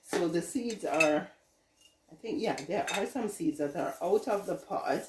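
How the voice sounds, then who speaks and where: A woman's voice: on the low side, expressive, a little slow, noisy background. A middle-aged Jamaican woman vlogging from her home kitchen, chatting casually, rambling and laughing often. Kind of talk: casual chat. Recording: echoey room, mic at a distance.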